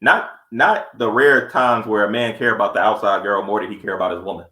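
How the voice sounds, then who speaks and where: Fast-talking blunt man in an echoey room. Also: fairly low pitch, pushed and bright. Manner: blunt, profane storytelling. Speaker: podcast co-host. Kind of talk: casual podcast chat.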